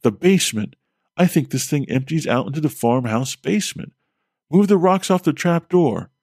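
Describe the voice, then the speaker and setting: A man's voice: a little high, expressive, moderate pace, darkish tone, no room sound, pitched above the performer's own voice. Guy reading as a scared farm guy, stammery and urgent, dry sound. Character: panicked grown man on a farm.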